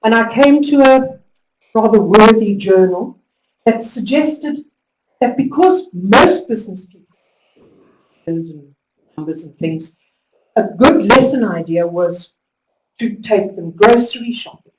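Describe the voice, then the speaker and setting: A woman giving a conference talk to teachers, telling stories with lively emphasis and driving home instructions. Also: mid-range voice, unhurried, pauses often. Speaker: conference speaker. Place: conference hall. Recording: echoey hall, distant mic.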